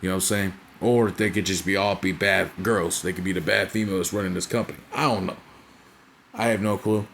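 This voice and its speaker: A man's voice: on the low side, a little hiss or hum. A young man casually recapping a wrestling show, rambling and profane, forever tagging on "right?" and "you know what I'm saying?".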